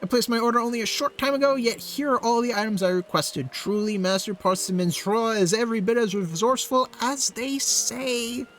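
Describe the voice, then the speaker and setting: Game NPC: haughty female quest giver, formal, voiced by a man, raised pitch. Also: fairly quick, hardly any pauses, fairly bright tone, slight background noise.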